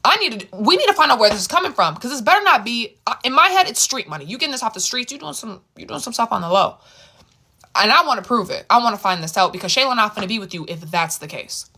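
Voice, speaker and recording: A woman telling a casual storytime, animated and quick to repeat herself as she retells what people said. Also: on the high side, husky.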